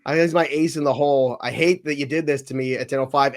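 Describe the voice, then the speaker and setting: Animated man hosting a sports podcast. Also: medium pitch, quick pace, hardly any pauses. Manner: animated, mock-outraged when picks are taken. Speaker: podcast host running a mock draft. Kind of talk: casual sports podcast chat.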